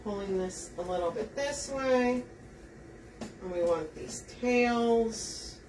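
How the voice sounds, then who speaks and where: In a live craft session, a woman making wreaths chats with her audience while guiding them step by step. Her fairly high voice has a darkish tone and a slow delivery, and the distant mic catches faint room noise.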